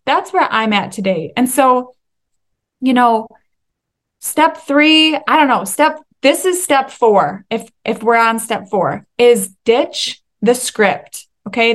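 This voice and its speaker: A young woman hosting a solo faith-based podcast, talking in an excitable, emphatic way and at times laughing or tearing up. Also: a little high. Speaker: podcast host.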